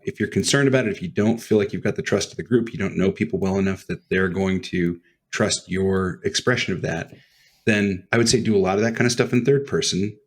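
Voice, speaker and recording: A man co-hosting a podcast, telling game stories in a relaxed chatty way. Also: low voice, brisk. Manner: relaxed, storytelling with laughs. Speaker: podcast co-host. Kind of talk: casual chat.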